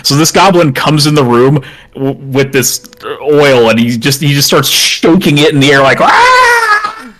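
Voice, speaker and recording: A good-humored man serves as dungeon master, narrating a tabletop game in a relaxed, conversational way. He sets scenes and rules on actions with easy amusement, often breaking into a chuckle. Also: mid-range voice, moderate pace, soft background music, poor audio.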